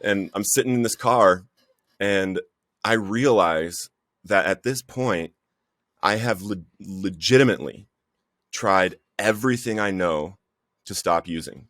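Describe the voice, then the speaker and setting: A man's voice: low voice, measured pace, fairly bright tone, dry recording, clean studio sound. A man, a podcast guest, earnestly telling his personal recovery story and often calling the host "bro".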